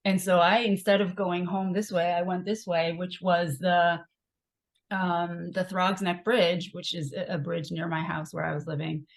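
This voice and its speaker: A woman's voice: lowish voice, level tone, a little slow. A young adult woman, a podcast guest, telling a candid and emotional personal story with many fillers.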